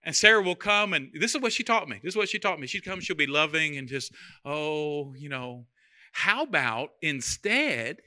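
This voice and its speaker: Bright, high-voiced preaching man. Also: lively intonation, fast, few pauses. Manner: conversational preaching with humor, repeats phrases. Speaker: pastor. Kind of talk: sermon.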